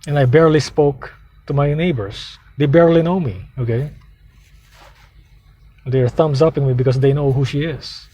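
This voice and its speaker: A man's voice: medium pitch, moderate pace, long pauses, dark tone, slightly rough. A man vlogging from his parked car, telling a heated personal story in a rambling, profanity-filled rant. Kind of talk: casual ranting monologue.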